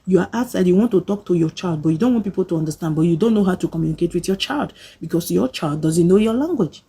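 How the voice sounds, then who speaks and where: Woman, Nigerian accent, breathy husky tone, dark warm sound, scolding vlog rant. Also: lowish voice, expressive, fast. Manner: emphatic, scolding, mixes pidgin into English. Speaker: vlogger. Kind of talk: opinionated rant to camera.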